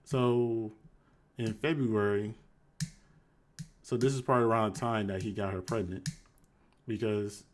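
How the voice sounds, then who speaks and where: A man's voice: unhurried, long pauses, a little hiss or hum. Casual man reading and commenting on texts. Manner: conversational, shifts to flat low reading voice for quoted texts. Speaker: commentary host. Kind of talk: live commentary reading text messages aloud.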